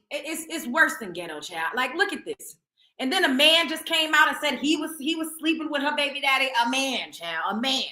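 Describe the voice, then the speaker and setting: A woman's voice: high-pitched, lively intonation, normal speed, bright, forceful tone, reverberant. A woman hosting a celebrity gossip show in casual chat, blunt and profane, often tripping over repeated words.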